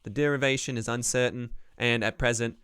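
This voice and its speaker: A man reading old dictionary definitions aloud in a put-on Boston accent that keeps slipping, louder and more drawn-out than his normal talk. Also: mid-range voice, steady tone, smooth, no room sound, studio quality, lightly acted. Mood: mock-formal. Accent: Boston, put on and wobbly.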